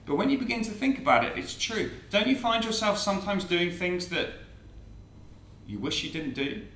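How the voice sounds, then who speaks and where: A man giving an evangelistic talk to a student audience, lively and theatrical as he acts out quotes. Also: high-pitched, normal speed, reverberant, far from the mic, a little hiss or hum. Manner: animated, theatrical, acts out quotes and a comic poem. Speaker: speaker at a student Christian meeting.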